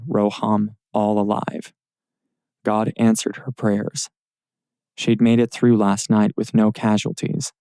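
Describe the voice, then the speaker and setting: A man narrates an audiobook in a steady, measured read. His low voice is dark and gravelly. It is recorded close and dry in a studio booth. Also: no room sound.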